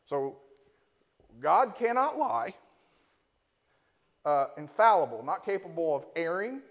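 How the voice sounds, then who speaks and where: Man preaching with a fairly high voice. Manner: teaching, often ends points with a rhetorical "right?"; reads Scripture aloud and defines Hebrew and Greek words. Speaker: pastor. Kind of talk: sermon. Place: church before a congregation.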